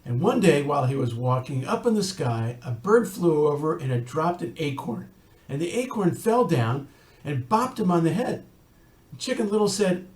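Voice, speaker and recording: A rabbi giving an earnest recorded talk, telling a story and adding wry asides. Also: male voice, on the high side, big pitch swings, normal speed, a little mellow, reverberant.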